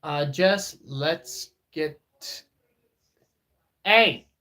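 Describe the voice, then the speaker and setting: This is a man chatting on his live stream, talking at a slow, easy pace. He teases and roasts his viewers as he reads their messages, often stalling on fillers and starting over mid-sentence. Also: a little high, bright, forceful tone. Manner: joking, teasing, reads chat aloud; many fillers and restarts. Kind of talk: casual live-stream chat.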